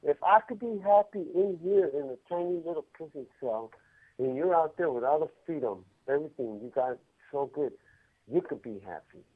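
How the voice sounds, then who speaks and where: High-voiced man on a tinny prison phone. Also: normal speed. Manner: animated, excitable, slangy, laughs often. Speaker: incarcerated caller. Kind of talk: casual phone chat. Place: prison cell. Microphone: phone handset.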